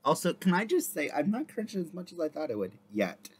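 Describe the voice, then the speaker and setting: A man's voice: fairly high pitch, big pitch swings, fairly quick, slightly rough. A man, the video creator, chatting casually and rambling with many fillers. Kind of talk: casual reaction chat.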